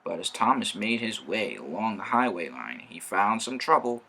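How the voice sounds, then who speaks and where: A man reads a children's story aloud in a gravelly, husky voice. His delivery is animated and bright, with wide swings in pitch. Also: moderate pace. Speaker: storybook narrator.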